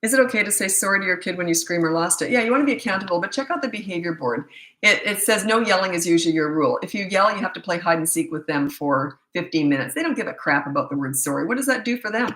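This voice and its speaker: A middle-aged woman coaching parents in a live question-and-answer chat, blunt and matter-of-fact, with quick asides. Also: lowish voice, animated, fairly bright tone, echoey room, low-quality recording.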